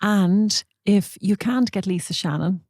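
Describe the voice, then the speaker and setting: An Irish woman hosting a podcast, chatting casually and cheering her guest on with quick agreements. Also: mid-range voice, darkish tone, no echo, clean studio sound. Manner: encouraging, frequent agreeing interjections. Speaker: podcast host.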